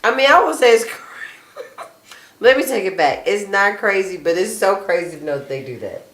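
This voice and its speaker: A woman's voice: mid-range voice, animated, normal speed, a bit bright. A woman hosting a casual chat show, reading live comments aloud and talking bluntly with lots of swearing and laughter. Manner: blunt, profane, laughing often. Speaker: host. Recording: echoey room.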